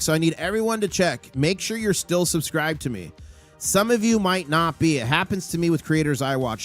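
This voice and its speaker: A man hosting a live stream with market commentary, excitable and rattling off prices and numbers. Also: on the high side. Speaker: livestream host.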